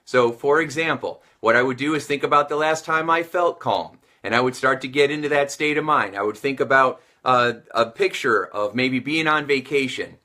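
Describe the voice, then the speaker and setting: A male sales and communication coach speaks straight to camera with a bright, forceful tone. He teaches in an energetic, motivational style and leans on repetition to stress his points. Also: mid-range voice, moderate pace, hardly any pauses. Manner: energetic, repeats phrases for emphasis.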